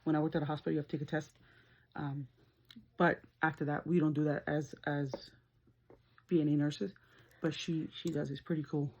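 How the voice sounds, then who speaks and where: Talking a little fast but pausing often, this husky-voiced beauty vlogger, an adult nurse, recounts a story as she does her makeup. She's chatty, animated and laughing, with high-pitched screams when retelling; the highs are cut off.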